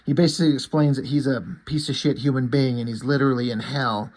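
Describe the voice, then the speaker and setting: A man's voice: mid-range voice, steady tone, fast talker, hardly any pauses, a little mellow. Rambling, foul-mouthed comic reviewer man. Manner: rambling, profane, opinionated. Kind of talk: casual chat.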